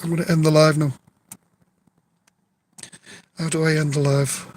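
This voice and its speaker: A man telling stories in a relaxed live stream, swearing freely and restarting his sentences, recorded on a phone outdoors. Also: fairly high pitch, unhurried, rough recording. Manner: rambling storyteller, swears freely, many restarts. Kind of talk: casual live-stream chat. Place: outdoors near an old tree.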